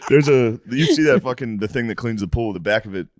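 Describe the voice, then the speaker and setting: A man's voice: mid-range voice, fast talker, no echo, clean studio sound. A man co-hosting a podcast, talking in casual, teasing banter with mock-serious jabs. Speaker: podcast co-host.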